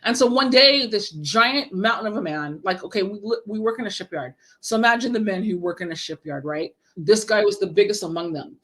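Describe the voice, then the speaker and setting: A woman telling a lively personal story as a podcast guest, swearing freely and acting out what people said. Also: medium pitch, a little fast, few pauses. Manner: animated, profane, acts out quoted dialogue. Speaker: guest, horror writer and event creator. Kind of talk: casual storytelling in a podcast interview.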